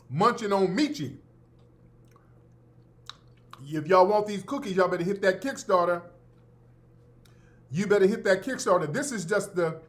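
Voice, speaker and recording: A brash, sarcastic man hosting a talk-radio show, with a fairly high speaking voice. He talks in loose slang and hammers his points by repeating them. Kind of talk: opinionated talk-radio commentary.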